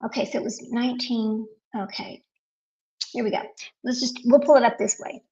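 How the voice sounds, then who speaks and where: A woman's voice: a little high, fairly even intonation, moderate pace, mellow, highs cut off. A woman hosting a casual live stream, talking to viewers while searching her computer and getting frustrated.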